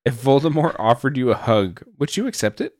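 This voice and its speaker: A man's voice: medium pitch, animated, brisk, a little mellow, no echo, clean studio sound. A young man hosting a podcast, firing off casual questions in a laid-back, swearing, mumbly way. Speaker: podcast host. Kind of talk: casual chat, quick-fire questions.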